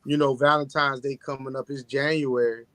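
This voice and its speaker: A man co-hosting a casual chat show, tired and talking in a low-key monotone. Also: normal speed, dry recording. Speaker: podcast co-host.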